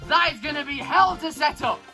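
A young man reacting to a trailer on his channel, excitable, shouting and rattling on like a hyped-up fan. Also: extremely high pitch, music in the background. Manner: excitable, shouts and laughs, rapid fan chatter.

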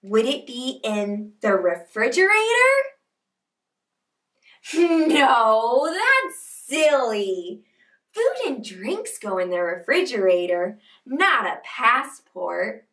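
A woman hosting a preschool lesson, talking to toddlers in a bright, exaggerated, encouraging way and breaking into little sing-along chants. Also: a little high, sing-song, slow pace, distant mic. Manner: bright, exaggerated, encouraging kids-show delivery. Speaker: children's show host.

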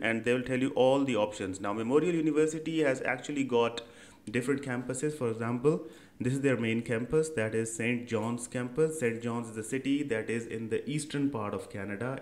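On his education channel, a young man with a mid-range voice narrates a screen-share tutorial. It's a casual, chatty walkthrough with plenty of fillers and repeated "right?" check-ins.

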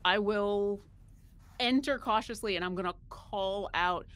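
A woman's voice: mid-range voice, unhurried, a bit bright. A woman playing in a tabletop game, talking casually, hesitating and restarting her words. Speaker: player.

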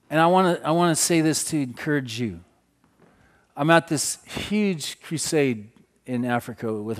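Middle-aged man, preacher, sermon storytelling, loud bursts then quiet, mid-pitched voice. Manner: swings from loud exclamations to hushed storytelling.

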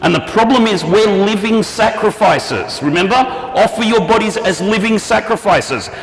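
Man, pastor, sermon, lively, slightly high voice, long church reverb. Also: moderate pace, vocal fry. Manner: animated, acts out prayers and quotes with shifting pitch. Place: church hall.

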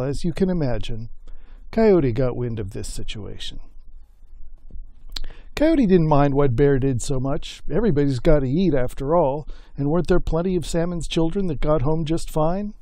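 Man, storyteller, folksy and unhurried, mellow tone, dry close recording. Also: fairly high pitch, dry recording. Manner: folksy and unhurried, with voiced characters. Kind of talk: oral storytelling of a folk myth.

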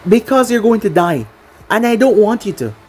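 A woman reading the lines of a tender, pleading young female android in a storybook reading, with a husky voice. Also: mid-range voice, very animated, moderate pace, a little mellow, soft background music.

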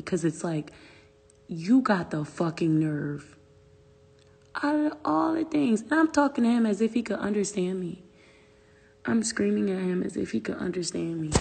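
A woman talks slowly and unhurriedly in a low, gravelly, husky voice, venting to viewers on a phone livestream. She swears freely, sounds exasperated, and keeps slipping into hushed whispered asides. Her voice rings with a long reverb from the room.

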